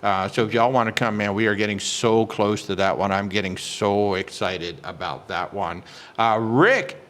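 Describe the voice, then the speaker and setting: A travel agent hosts a live cruise Q&A stream in a fairly low voice, excitable and chatty, greeting viewers by name and filling pauses with plenty of "uh"s. It's casual live-stream chat.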